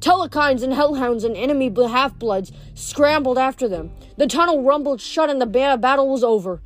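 A woman's voice: high-pitched, moderate pace. Woman reading a novel aloud. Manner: steady reading with small slips and self-corrections. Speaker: reader.

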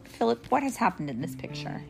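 A woman reading a picture book aloud to a child, playful and animated, stopping often to ask questions about the pictures. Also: a little high, brisk, creaky, over music. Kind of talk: storybook read-aloud with questions.

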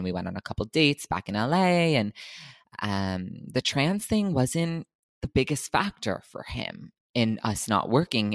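A woman's voice: extremely low pitch, no echo. A woman co-hosting a podcast, telling candid personal stories in casual chat. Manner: candid, storytelling with asides.

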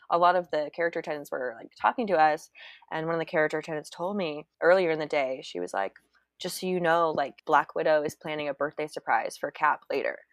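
A woman's voice: low voice, no echo. A young woman telling a story in casual chat, bubbly and full of "like"s. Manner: chatty, bubbly storyteller, many "like"s.

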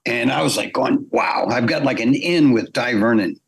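A middle-aged man telling a long, lively anecdote as a guest in a podcast interview, acting out the voices of the people he quotes. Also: medium pitch, normal speed, creaky, breathy edge. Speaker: guest animator.

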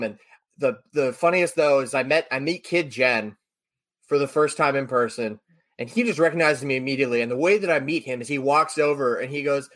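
A man on a podcast telling a story in a casual, animated way, acting out the people he quotes. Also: medium pitch.

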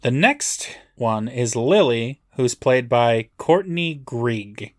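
A man's voice: mid-range voice, expressive, slow pace. A man co-hosting a podcast, recapping a TV episode in a dry, matter-of-fact way. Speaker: podcast co-host. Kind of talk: casual chat recapping an episode.

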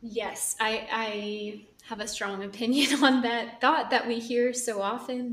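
Woman podcast host, fairly high voice, appreciative and emphatic, roomy sound a bit off-mic. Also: fairly even intonation, slow, hardly any pauses, recorded from a distance. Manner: warmly appreciative, emphatic, some repeated starts. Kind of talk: casual conversational interview.

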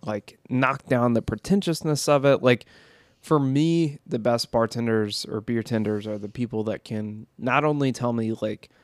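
A man co-hosting a podcast, asking questions and musing in a relaxed, filler-heavy way. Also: medium pitch, moderate pace, no room sound, studio quality. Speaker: podcast co-host. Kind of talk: casual chat.

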